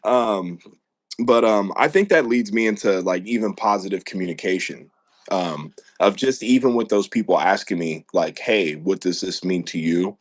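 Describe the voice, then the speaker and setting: A man's voice: sits low, normal speed, dry recording, clean studio sound. A man from the United States hosting a podcast, chatting casually, rambling and laughing often as he talks. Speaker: podcast host.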